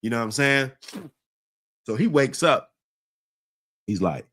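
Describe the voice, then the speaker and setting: A man's voice: mid-range voice, very animated, a little slow, long pauses, a bit bright, dry recording, clean studio sound. A man casually telling a long story in heavy slang, rambling with many fillers and laughing often as he talks.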